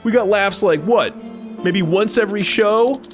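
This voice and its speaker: Man voicing a flaky young wannabe thug from a game, high and animated, with faint game music behind. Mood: flippant. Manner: quick, higher, animated line reading.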